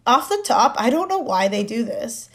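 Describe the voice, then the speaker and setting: Woman co-host, lively storyteller, fairly high voice, casual podcast chat. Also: normal speed, husky. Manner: animated storyteller, acts out voices.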